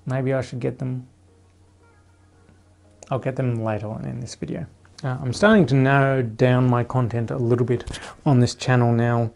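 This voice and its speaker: A man chatting casually in a vlog from a small room at home, rambling in a relaxed way with fillers. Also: mid-range voice, normal speed, gravelly, long pauses. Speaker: YouTuber.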